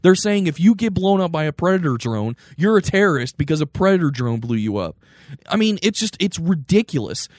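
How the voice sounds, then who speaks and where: Young man, casual podcast co-host, mid pitch, dry close mic, animated and rambling. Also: a little fast, dry recording. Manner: animated, rambling with restarts, mocking impressions. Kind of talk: casual political chat.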